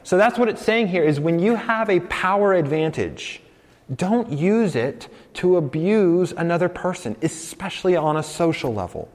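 A man preaching in a relaxed, conversational way, his slightly higher voice ringing with a long reverb. He gets animated as he makes his points and acts out what people say. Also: normal speed. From United States. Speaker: pastor. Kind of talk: sermon.

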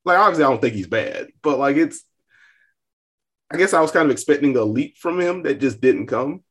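A man's voice: a little high, expressive, brisk, slightly rough. A young man co-hosting a podcast, talking casually with lots of hedging and amused asides. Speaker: podcast co-host. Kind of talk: casual chat.

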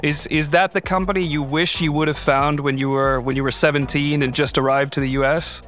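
Encouraging male interviewer, raised pitch. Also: fairly even intonation, fairly quick, a bit bright, soft background music. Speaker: podcast host, interviewer. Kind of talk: interview questions.

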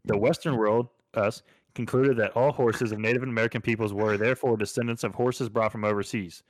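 A man's voice: on the low side, steady tone, a little fast, dry recording. A man chatting casually with friends, joking around and reading facts aloud. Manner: jokey, reads facts aloud. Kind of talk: casual chat.

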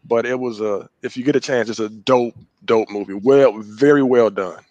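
A man's voice: medium pitch, steady tone, normal speed, darkish tone, no room sound, lo-fi sound. A man on a casual podcast, giving enthusiastic recommendations with slang. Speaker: podcast co-host. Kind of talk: casual chat among friends.

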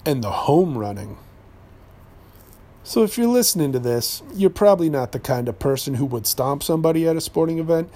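A man from New Hampshire hosting a podcast, ranting in a sarcastic, animated way, often stumbling and correcting himself as he goes. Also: a little high. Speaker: podcast host and voice actor.

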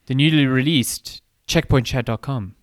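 A laid-back man chatting on a podcast, mid-pitched and easygoing. He swears casually and lets his sentences trail off. The sound is dry and close, with no room echo. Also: normal speed. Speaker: podcast co-host. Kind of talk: casual chat.

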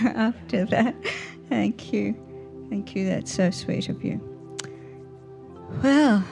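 An older woman with a slightly high voice and vocal fry speaks as a guest at church for Mother's Day. She warmly tells family stories with little laughs, often asking the congregation questions.

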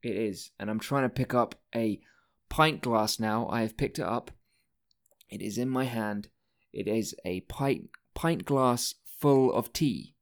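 Hosting a casual solo podcast, a man with a medium-pitched, unhurried voice rambles from one thing to the next. He swears often and keeps breaking off his own sentences.

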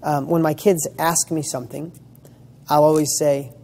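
A man's voice: on the high side, level tone, moderate pace, warm tone. A man giving a motivational talk as a coach, speaking emphatically, firing off rhetorical questions and swearing casually. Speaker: motivational coach for real estate students.

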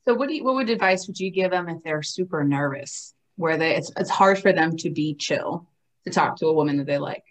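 A woman's voice: deep voice, lively intonation, fairly quick. A woman co-hosting a podcast, asking playful questions in casual chat. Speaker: podcast co-host.

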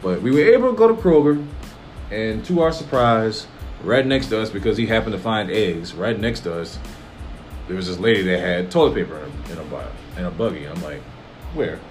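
A man's voice: on the low side, a little fast, soft background music. A man co-hosting a casual chat, telling joking stories and swearing freely. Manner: profane, joking, animated storyteller. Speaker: podcast co-host.

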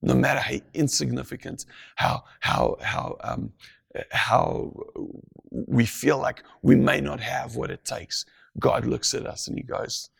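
A man preaching a sermon, slow and deliberate, dropping to a hushed whisper to stress key phrases. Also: medium pitch, creaky, husky. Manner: slow, deliberate, drops to a hush for emphasis.

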